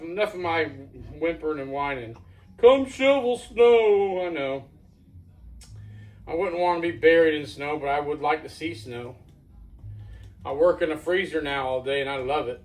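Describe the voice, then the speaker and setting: A man's voice: mid-range voice, recorded from a distance, slight background noise, low-quality recording. A man from Florida, casually reviewing a beer outdoors at night in a rambling, folksy way.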